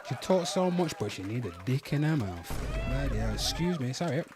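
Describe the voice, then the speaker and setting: A man hosting a livestream, reacting to clips in an animated, mock-dramatic way and calling out to viewers. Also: medium pitch, normal speed, music in the background. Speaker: livestream host. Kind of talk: live reaction commentary.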